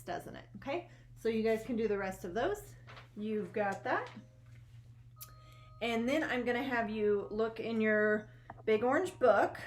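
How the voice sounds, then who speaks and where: A woman teaching a remote reading lesson to young students, upbeat and encouraging, reading aloud slowly and carefully, recorded on a laptop microphone outdoors in her garden with wind noise. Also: a little high. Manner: slow, careful read-aloud delivery.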